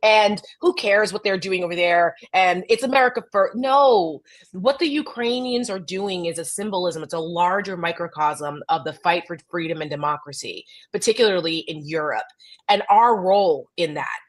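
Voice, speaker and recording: A woman's voice: on the low side, moderate pace. Blunt New Jersey woman co-host. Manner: animated and blunt, swears freely. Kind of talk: casual political chat.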